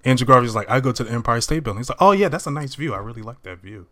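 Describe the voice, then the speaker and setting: A man's voice: medium pitch, expressive, rapid-fire, a bit bright. A man casually retelling a movie scene by scene to friends, acting out the characters' lines. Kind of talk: casual movie recap chat.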